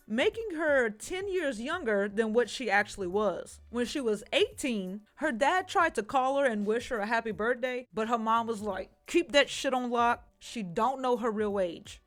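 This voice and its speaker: High-voiced woman, casual true crime commentary, sassy and profane. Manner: sassy and profane, with comic asides.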